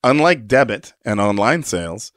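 A man's voice: fairly low pitch, big pitch swings, normal speed, no room sound, clean studio sound. A man hosting an interview, asking long, meandering questions. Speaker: show host.

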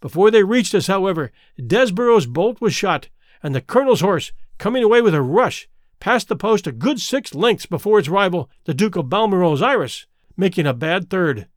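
A man narrating a story aloud in a clear storytelling manner. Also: high-pitched, animated, normal speed, dry recording, studio quality. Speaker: audiobook narrator. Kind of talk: scripted narration.

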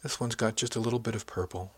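Hesitant frightened young wife, low husky voice, as a male narrator reads her lines. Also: steady tone, fast, dry recording.

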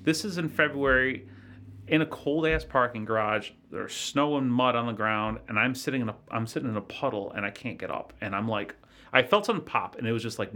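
A man recounts a personal story as a podcast guest, in an earnest, halting way that keeps restarting. His voice sits at a middle pitch and has a bright, forceful edge. He speaks casually, as if chatting across a table.

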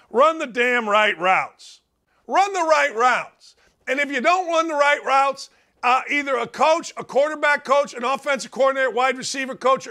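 A man's voice: very high-pitched, sharp tone. A middle-aged man hosting a sports talk show, delivering a blunt, emphatic, sarcastic monologue. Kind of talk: opinionated monologue.

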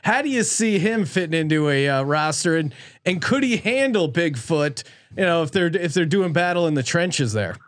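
A man hosting a sports podcast, chatty and quick to laugh. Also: a little high, lively intonation, dry recording, studio quality. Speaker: podcast host. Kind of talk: casual podcast interview.

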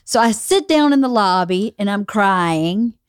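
A woman in a casual chat who tells her side bluntly and is quick to contradict. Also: medium pitch, lively intonation, clean tone, no echo, studio quality.

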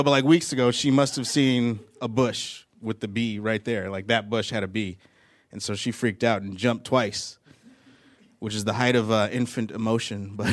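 A man doing a stand-up comedy set on a live stage, telling rambling stories and often laughing at his own jokes. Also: medium pitch.

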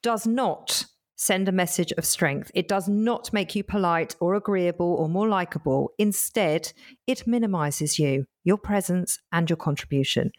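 A woman's voice: on the low side, a little slow. A woman coach co-hosting a podcast in casual chat, speaking emphatically and summing up points.

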